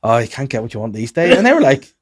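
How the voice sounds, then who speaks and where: A man's voice: medium pitch, slightly rough, no echo, clean studio sound. A man hosting a podcast, telling rambling anecdotes in casual chat. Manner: rambling anecdotal storyteller, quick and animated. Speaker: podcast host and comedian.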